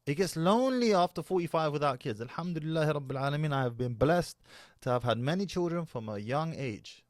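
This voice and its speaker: A man's voice: fairly high pitch, expressive, a little fast, no echo, clean studio sound. A man, giving casual, emphatic commentary as a reaction video host. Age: 30s. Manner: emphatic, preachy.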